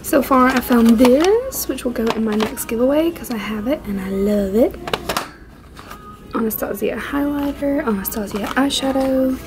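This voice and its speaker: A woman vlogging casually into her phone, chatty and gushing with excitement. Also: fairly high pitch, moderate pace, background noise. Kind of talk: casual vlog chat.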